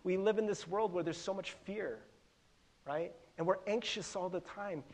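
A man's voice: high voice, moderate pace, darkish tone. A middle-aged man preaching a conversational sermon as a pastor, often stumbling over repeated words. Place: church sanctuary.

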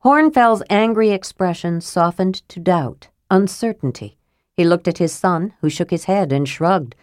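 A woman narrating a fantasy audiobook in a measured, steady reading. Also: lowish voice, dry recording, studio quality.

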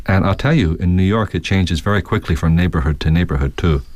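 A man's voice: low-pitched, fast talker, a little mellow, dry recording. A man with a Canadian accent, a guest teacher reading a textbook passage and chatting about accents. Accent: Canadian English.

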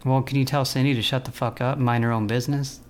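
A man making prank phone calls, taunting and teasing the people he calls in a calm voice. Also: medium pitch, fast, slight background noise. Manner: mocking, taunting, calmly teasing. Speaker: prank caller.

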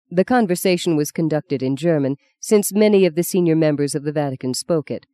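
A narrator reads a novel in a measured, even way. The voice is warm and mellow, and it is recorded close and dry. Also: medium pitch, no room sound. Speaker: audiobook narrator. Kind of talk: scripted narration.

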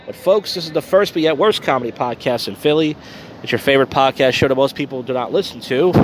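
Out on a city street at night, a drunk podcast host talks fast in a mid-range voice, crudely rambling through a self-mocking monologue streamed live. There's a little hiss or hum in the audio.

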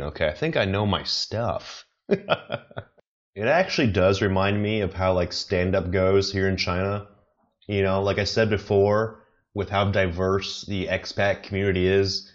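A deep-voiced man from the States hosts a rambling solo comedy podcast. He wanders off topic, fills gaps with "you know," and chuckles at his own jokes. The recording is muffled and lo-fi. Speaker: podcast host, amateur comedian. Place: apartment in China.

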